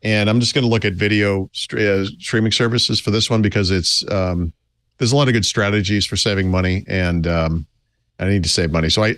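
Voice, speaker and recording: A middle-aged man co-hosting a tech podcast in casual chat, talking in halting bursts full of restarts and self-corrections. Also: on the low side, a bit bright, no echo. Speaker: co-host.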